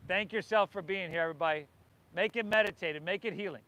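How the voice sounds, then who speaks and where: High-voiced man leading yoga. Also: fast talker, sharp tone. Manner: encouraging, calls out cues to the group. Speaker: yoga instructor. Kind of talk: guiding a yoga class. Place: outdoors by the ocean.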